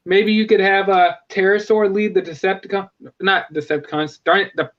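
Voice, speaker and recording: A man's voice: sits high, fairly even intonation, normal speed, muffled recording. A man hosting a live stream, chatting casually and enthusiastically, often correcting himself mid-sentence. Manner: rambling, self-correcting, enthusiastic. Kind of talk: casual fan chat.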